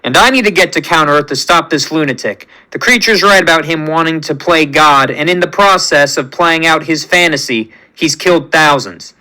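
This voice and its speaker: A man's voice: fairly high pitch, normal speed, few pauses, sharp tone, poor audio. A man voicing a male insect-like alien creation whose speech is broken by clicking ticks. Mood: determined.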